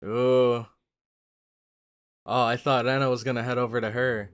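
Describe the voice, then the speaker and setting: A reaction channel host giving casual live commentary on an anime, with excitable gasps and exclamatory outbursts. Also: mid-range voice, unhurried, clear, resonant tone.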